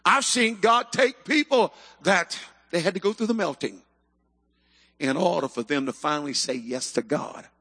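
A male preacher delivering a fervent sermon, rising into shouted emphasis. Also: high voice, moderate pace. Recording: echoey hall.

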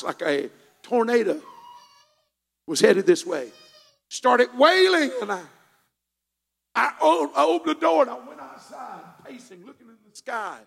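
Male pastor, high voice, heavy gravel, shouting and singing, church reverb. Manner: swings from hushed storytelling to shouted, half-sung preaching. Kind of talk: sermon. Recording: long reverb of a church hall.

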